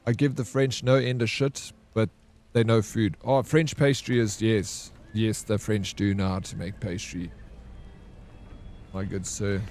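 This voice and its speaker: A man live-streaming a game, chatting and joking with his viewers, and loudly welcoming raiders. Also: lowish voice, unhurried. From South Africa. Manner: jokey, excitable, banters with chat. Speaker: variety streamer. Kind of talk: casual live-stream chat while gaming.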